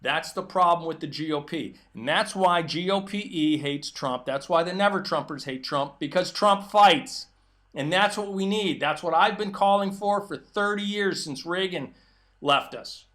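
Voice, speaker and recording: A middle-aged man speaks with a high, forceful, bright voice. He rants emphatically through a solo commentary monologue, combative and insistent, hammering each point home. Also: normal speed. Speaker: political commentary host. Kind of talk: opinion monologue.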